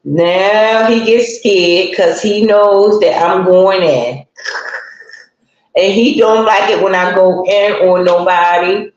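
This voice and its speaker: A woman's voice: medium pitch, takes it slowly, darkish tone. A woman hosting a live stream, telling a story in a chatty, colloquial way and greeting viewers as she goes. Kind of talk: casual storytelling to live chat. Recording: very echoey room, dull lo-fi sound.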